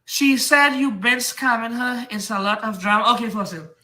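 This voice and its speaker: Bright heated Trinidadian man ranting. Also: extremely high pitch, moderate pace, reverberant. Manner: rambling, repetitive, heated. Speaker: comic book seller and streamer. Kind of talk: defensive livestream rant.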